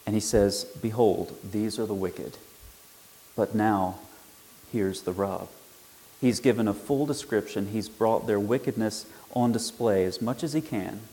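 A man with a fairly low voice gives a measured Bible lesson. He walks through each verse steadily and punches key words with sudden emphasis. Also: dark tone, low-quality recording. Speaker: Bible teacher. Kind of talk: explanatory Bible lecture.

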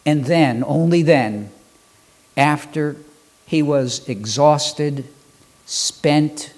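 A man preaching a sermon, building rhythmic lists and pausing for dramatic effect. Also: on the high side, a little mellow. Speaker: pastor.

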